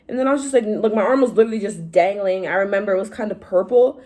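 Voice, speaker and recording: A young woman vlogger telling stories in casual chat, animated, acting out quotes in a higher voice. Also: racing. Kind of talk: casual storytime vlog.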